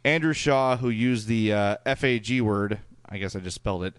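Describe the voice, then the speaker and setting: A man's voice: on the low side, normal speed, clear, resonant tone, no echo. A man with a Chicago accent co-hosting a podcast, chatting casually and reading listener emails with frequent fillers and restarts. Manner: conversational, many fillers and restarts. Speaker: podcast co-host.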